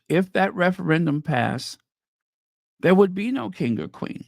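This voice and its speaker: A man's voice: high-pitched, lively intonation, a little slow, vocal fry, dry recording, studio quality. A man hosting a commentary channel, reading news headlines aloud and reacting to them with casual, opinionated asides.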